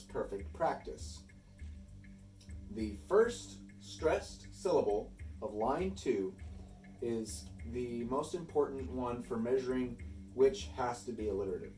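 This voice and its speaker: Man, low voice, methodical poetry lesson, roomy sound, mic set back, faint music behind. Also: darkish tone, recorded from a distance. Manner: patient, methodical, with small restarts. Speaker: reenactor teaching poetry. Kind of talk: explanatory lesson.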